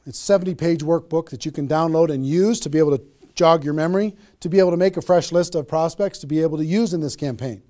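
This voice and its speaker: A man with a noticeably high speaking voice delivers a sales training talk. He hammers home his points by repeating phrases and keeps checking in with his listeners. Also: fast talker, warm tone. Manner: emphatic, repeats key phrases, frequent "okay?" check-ins. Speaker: network marketing trainer.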